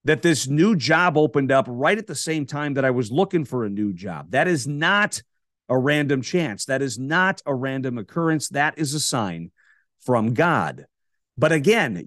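A man's voice: on the high side, a bit bright, no room sound, clean studio sound. A man, a radio host, giving an emphatic faith-based talk built on repeated rhetorical questions. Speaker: radio host and podcast guest.

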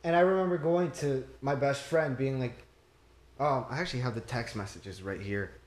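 A man's voice: mid-range voice, normal speed, darkish tone. A young man chatting casually in a podcast, laid-back, swearing freely and acting out what his friends say. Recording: echoey room.

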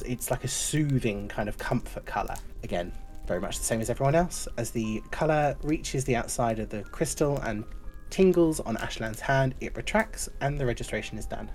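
A woman's voice: a bass voice, dark tone. A woman narrating a tabletop game as game master, affectionate in manner. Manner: affectionate, calls players love and doll.

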